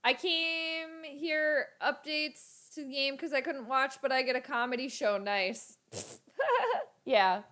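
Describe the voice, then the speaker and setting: A woman hosting a casual sports livestream, talking chattily to her viewers in an animated way. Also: sits high, a little slow. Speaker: sports channel host.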